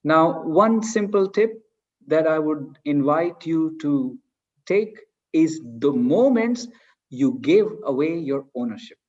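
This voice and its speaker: A man's voice: a little high, animated, takes it slowly, darkish tone, muffled recording. A man giving an earnest online coaching talk, acting out everyday excuses in little quoted voices. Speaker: leadership coach.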